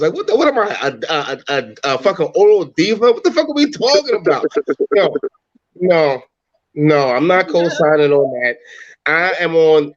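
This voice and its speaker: Panelist, man, slightly high voice, blunt jokey rant, dull muffled recording. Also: big pitch swings, normal speed. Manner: blunt, profane, jokey rants. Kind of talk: casual chat.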